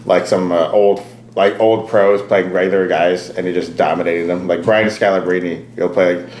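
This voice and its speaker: A man with a somewhat low voice chats loosely on a podcast, rambling through his points. He laughs often and swears without a second thought. The room around him is echoey. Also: fairly even intonation, moderate pace, darkish tone, slight background noise. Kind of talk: casual podcast chat.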